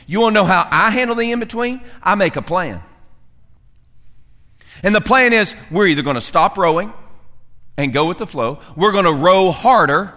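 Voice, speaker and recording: A man preaching a sermon as pastor, acting out characters and swinging from loud to hushed. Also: sits high, lively intonation, normal speed, long pauses, long reverb tail.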